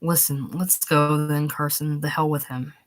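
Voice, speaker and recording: A woman's voice: deep voice, level tone, a little slow. A woman voicing a hesitant young man eager for approval in a storybook reading. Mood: uneasy. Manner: hesitant and agreeing.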